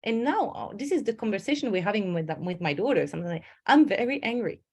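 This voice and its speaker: Middle-aged woman coach, lively storytelling webinar delivery. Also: medium pitch, quick pace, slightly rough. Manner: animated storytelling with acted inner voices. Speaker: stress management coach. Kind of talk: webinar presentation.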